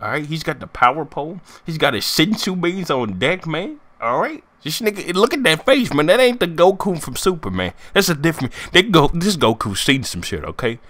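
An excitable man riffs through casual gaming commentary, swearing and joking as he reacts. His voice sits a bit high and swings wildly up and down, with a bright, sharp edge. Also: normal speed, hardly any pauses. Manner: excitable, profane, jokey. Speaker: gaming YouTuber. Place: home room, sitting at a desk chair.

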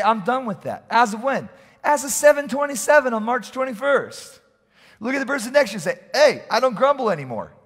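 A man preaching to his congregation with a high, bright-pitched voice. He swings between loud, urgent calls and hushed asides. His voice rings out with a long church-hall reverb. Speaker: pastor. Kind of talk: sermon.

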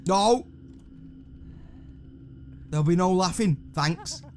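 A man's voice: high-pitched, animated, slow pace, darkish tone, slight background noise. A man giving jumpy, sarcastic, swearing commentary while playing a horror video game. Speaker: gaming channel host.

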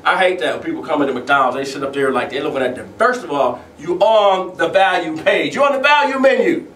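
A man's voice: on the high side, animated, a little fast, a bit bright. A man hosting a comedic mock weather report outdoors, rambling and griping with frequent laughs. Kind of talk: improvised comedic monologue. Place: outdoors at sunset. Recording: distant outdoor mic with echo.

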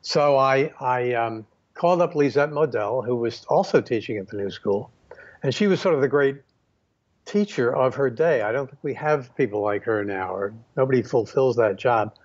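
A man recalling his past in a reflective, unhurried storytelling manner, pausing often and restarting his sentences. His voice sits at a middling pitch. The recording sounds dull and slightly lo-fi. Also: lively intonation. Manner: unhurried, many fillers and restarts. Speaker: photographer guest.

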